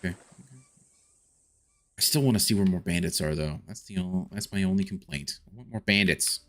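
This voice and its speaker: A man's voice: low-pitched, moderate pace, a bit bright. A man streaming a video game, chatting casually and thinking aloud with frequent restarts and filler. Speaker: gaming streamer. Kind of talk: casual live gameplay commentary.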